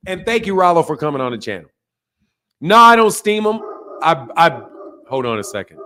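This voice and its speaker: High-voiced man in loose, joking chat. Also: expressive, moderate pace, pushed and bright. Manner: loose, joking, slangy, laughs a lot. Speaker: boxing channel host. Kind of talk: casual livestream chat.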